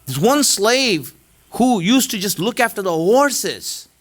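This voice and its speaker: High-voiced man preaching in a conversational way. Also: sing-song, slow pace. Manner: conversational storytelling. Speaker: religious speaker. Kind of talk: sermon.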